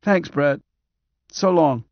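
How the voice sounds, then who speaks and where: A man voicing a frail, bedridden cyborg man who speaks in a weak, reedy whisper, slow and hesitant, with a resentful edge. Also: fairly high pitch, no room sound, highs cut off, voice pushed up.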